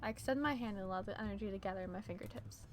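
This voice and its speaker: Woman streamer, narrating a visual novel, steady storytelling, mid-range voice, faint game music. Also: mid-range voice, racing. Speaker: let's play streamer. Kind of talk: reading a visual novel aloud in first person.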